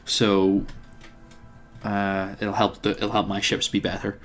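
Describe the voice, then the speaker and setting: A man's voice: fairly low pitch, monotone, takes it slowly, faint music behind. Give me a man casually talking through a strategy game, wry and hesitant. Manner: thinks aloud, hesitant with frequent fillers, wry. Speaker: let's play host.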